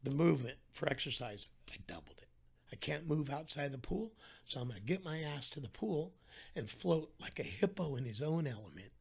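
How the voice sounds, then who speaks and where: A middle-aged man, a podcast guest, telling his story in a casual interview in an animated way and acting out the voices of the people in it. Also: fairly high pitch, a little fast, creaky, slightly rough.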